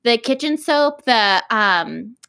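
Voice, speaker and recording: A woman's voice: a little high, animated, slow, vocal fry, pushed and bright. A woman co-hosting a podcast in casual, chatty talk, laughing easily. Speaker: podcast co-host. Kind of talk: casual chat.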